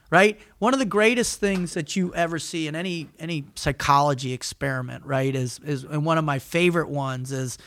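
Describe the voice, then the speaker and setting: Fervent male podcast guest with a high, bright voice; emphatic delivery, repeated restarts. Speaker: podcast guest, motivational speaker. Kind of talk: energetic podcast conversation.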